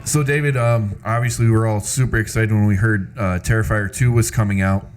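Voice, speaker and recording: A man's voice: on the low side, steady tone, brisk, soft background music. A man co-hosting a podcast, asking interview questions hesitantly with many ums. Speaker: podcast co-host.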